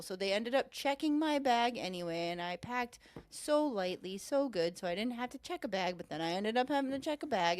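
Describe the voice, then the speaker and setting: A woman co-hosting a casual podcast chat, telling a rambling, animated story with frequent swearing and laughs. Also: mid-range voice, no room sound. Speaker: podcast co-host.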